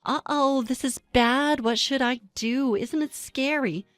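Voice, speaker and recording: A woman's voice: mid-range voice, animated, normal speed, no room sound, close to an everyday voice. A woman voicing a snide, bossy mom who mocks others in a sing-song tone. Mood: mocking. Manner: mocking, smirking sing-song.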